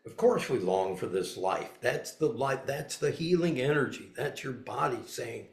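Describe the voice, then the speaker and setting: A man's voice: medium pitch, lively intonation, a little slow, few pauses, echoey room. A man giving a dharma talk as a spiritual teacher, blunt and folksy, moving between reading and emphatic asides.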